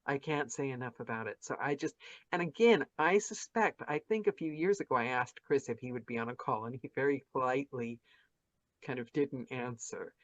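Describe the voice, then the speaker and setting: A woman with a bass voice and a brisk pace gushes through a casual podcast interview with narrators on a video call, restarting sentences as she goes. The sound is dull lo-fi call audio without echo.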